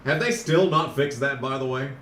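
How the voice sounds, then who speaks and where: A man streaming a racing game, chatting casually and ranting sarcastically, sometimes mocking a fast auctioneer. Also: mid-range voice, a bit bright, reverberant, recorded from a distance, slight background noise. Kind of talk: casual live-stream commentary.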